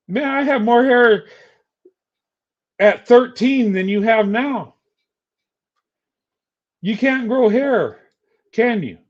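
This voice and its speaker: A man's voice: very high voice, animated, slow pace, long pauses, lo-fi sound. An older man streaming a heated, insulting rant at a rival. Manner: angry, insulting, taunting.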